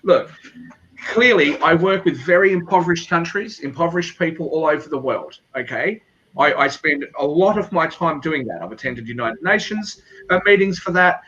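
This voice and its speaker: A man's voice: fairly high pitch, expressive, normal speed, pushed and bright, dull audio, slight background noise. A man taking part as a panel guest, insistently correcting others and repeating his point. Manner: insistent, defensive, repeats himself. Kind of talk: panel debate.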